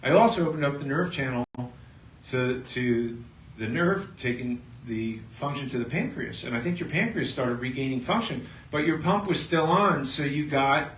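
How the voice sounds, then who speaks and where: A middle-aged male chiropractor talks to a seminar crowd, leaning into an animated patient story. He sits back from the mic, so the room's echo rings around his voice, and a faint hiss stays under it. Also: mid-range voice, moderate pace. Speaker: chiropractor giving a health seminar. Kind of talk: live seminar talk to an audience. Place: seminar room with a live audience. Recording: echoey room, mic at a distance, faint noise.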